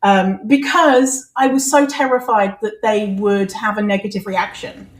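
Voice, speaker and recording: A woman's voice: mid-range voice, steady tone, a little slow. A woman hosting a podcast, talking candidly and laughing easily in casual chat. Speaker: podcast host. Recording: echoey room.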